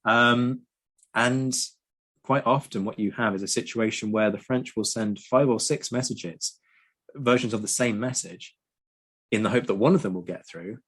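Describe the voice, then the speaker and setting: A man explaining history in a casual chat, lively and prone to ranting. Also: mid-range voice, normal speed, husky. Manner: lively, ranting, frequent ums. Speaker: podcast co-host.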